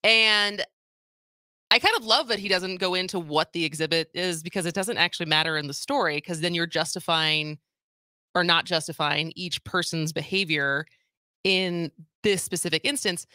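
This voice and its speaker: Bright-voiced woman radio talk host. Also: on the low side, moderate pace, no room sound, studio quality. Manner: energetic, speaks to listeners directly. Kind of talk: radio talk show chat.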